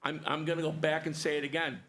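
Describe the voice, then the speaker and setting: A man's voice: fairly high pitch, little pitch movement, quick pace, a bit bright, slight background noise. A man on a school board arguing his point at a public meeting, emphatic and repetitive, stacking points one after another.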